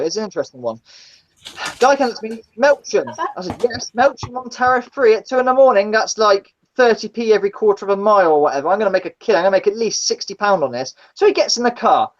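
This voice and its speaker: A woman tells gritty stories in casual chat. She is blunt and swears freely, and she acts out the people she describes with a very lively pitch. The stream audio sounds dull and lo-fi. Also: quick pace, slight background noise. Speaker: guest, former taxi driver. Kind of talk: casual storytelling in a live chat.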